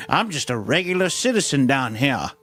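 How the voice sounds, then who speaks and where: A man voicing a creepy old swamp local with a put-on Southern drawl, slow, sly and falsely friendly. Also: medium pitch, very animated, fairly bright tone. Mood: sly menace.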